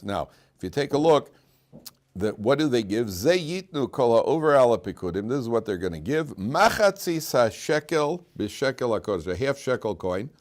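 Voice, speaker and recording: A man's voice: fairly low pitch, darkish tone. An older man from the United States, a rabbi teaching a casual class to students, telling jokes, with many fillers and restarts as he goes. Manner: rambling, many fillers and restarts, joking storyteller. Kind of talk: informal Torah class with jokes.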